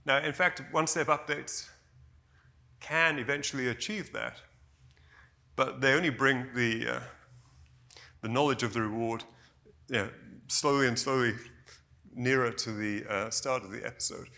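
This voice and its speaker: A man giving a technical conference presentation, explaining in a measured way with frequent "you know" and small self-corrections. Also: medium pitch, gravelly, sharp tone. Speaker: conference speaker.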